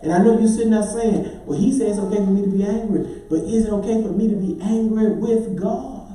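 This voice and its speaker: A man's voice: sits high, steady tone, fairly quick, warm tone. A man preaching a sermon as pastor, rhythmic and building to sung, hollered climaxes. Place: large church sanctuary. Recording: echoey church hall, mic at a distance.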